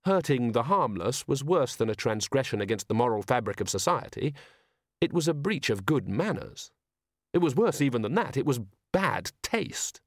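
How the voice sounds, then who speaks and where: A man narrating an audiobook in a measured, deliberate reading. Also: on the low side, no echo, studio quality. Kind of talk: scripted narration.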